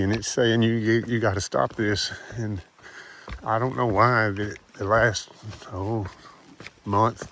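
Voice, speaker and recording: A man filming himself outdoors at a trailhead, talking emotionally and gratefully with halting pauses. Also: fairly low pitch, gravelly, a little hiss or hum. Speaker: thru-hiker vlogger.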